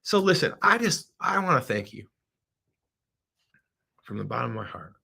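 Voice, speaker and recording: This middle-aged man, a business owner, hosts a casual livestream in a gravelly, middling-pitched voice with a sing-song lilt and a sharp tone. He talks at a moderate pace, rambling and heartfelt, restarting often as his emotions show through.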